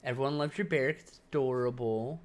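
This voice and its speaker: A woman's voice: extremely low pitch, a little fast, darkish tone. A woman in her thirties chatting casually on a live stream, reading chat messages aloud, telling stories and swearing freely. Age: 30s.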